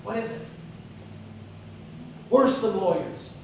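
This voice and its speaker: A man giving a live motivational business talk in a large room, animated and coaxing the audience to call out answers. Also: high-pitched, slow, slight background noise. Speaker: keynote speaker. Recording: very echoey hall, far from the mic.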